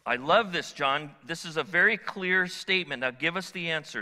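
Middle-aged guy preaching, kinda high voice, jokes with the crowd, big echoey sanctuary. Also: normal speed, few pauses, sharp tone. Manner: conversational, jokes with the congregation. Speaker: pastor. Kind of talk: sermon. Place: church sanctuary with congregation. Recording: long hall reverb.

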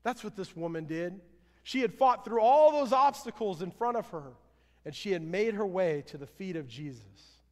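A man's voice: animated, normal speed. Earnest preaching man in a reverberant hall. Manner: earnest preaching, swelling louder then dropping low. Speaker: pastor. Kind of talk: sermon.

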